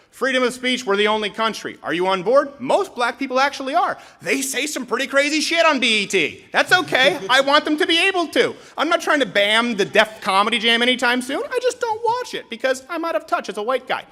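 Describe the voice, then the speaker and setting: Speaking in a very high voice, a young adult Canadian man delivers a live political comedy speech. He's animated and sarcastic, with abrupt bursts of shouting.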